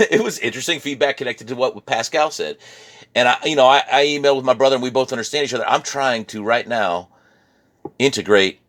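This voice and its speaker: A man's voice: lowish voice, a bit bright. An American man from Virginia with a mixed Midwestern-sounding accent, talking about his art in a reflective personal vlog, often laughing and repeating words. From Virginia, USA. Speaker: artist vlogger.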